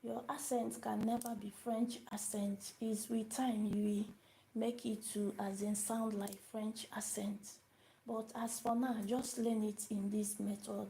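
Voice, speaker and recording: A woman's voice: a little high, flat delivery, a little slow, creaky, dark tone, slight background noise, low-quality recording. A woman teaching a beginner lesson on a live stream, repeating each word and asking her viewers questions as she goes. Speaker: language teacher.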